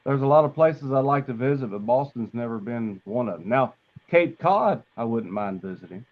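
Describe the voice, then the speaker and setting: A man's voice: mid-range voice, animated, normal speed, phone-quality sound. A man, a guest on a live stream, chatting in a folksy, easygoing way. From southern United States. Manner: folksy, easygoing, laughs along. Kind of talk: casual live stream chat.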